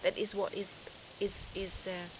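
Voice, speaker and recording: A woman talks through her feelings in an earnest, searching way, often pausing and restarting as she reflects aloud. Her voice sits at an ordinary middle pitch. Clear outdoor noise is heard behind her, as if she is recording outside. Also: little pitch movement. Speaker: vlogger. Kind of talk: reflective personal talk to camera.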